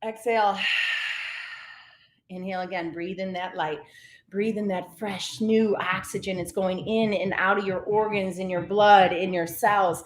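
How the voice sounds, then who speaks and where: A woman leading guided breathing and spoken affirmations, coaching with energetic repetition and call-outs. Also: mid-range voice, a little slow, slight background noise. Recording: echoey room with music under.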